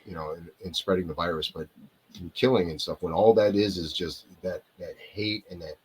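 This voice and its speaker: A man's voice: low voice, steady tone, a little fast, darkish tone, a little hiss or hum, poor audio. A male actor telling stories as an interview guest over a video call, rambling and digressing, often losing his point and coming back to it. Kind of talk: casual storytelling in a live interview.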